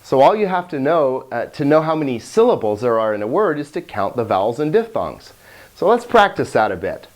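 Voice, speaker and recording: Greek teacher, voice-over lesson, playful, lively up-and-down delivery, slow careful drills. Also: mid-range voice. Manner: playful, chuckles at own jokes; slow, deliberate word-by-word pronunciation drills. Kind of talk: video lesson on Greek pronunciation.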